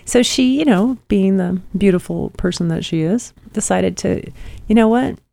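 Creaky-voiced woman telling stories. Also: mid-range voice, normal speed, no echo. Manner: animated storytelling, swears freely. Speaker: podcast co-host. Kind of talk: casual chat.

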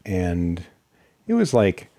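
A man's voice: deep voice, wildly swooping pitch, slow pace, mellow, dry recording, studio quality. A man chatting casually with his partner, chiming in with wry quips as he takes over the story. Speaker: partner in a couple's chat. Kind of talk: casual chat.

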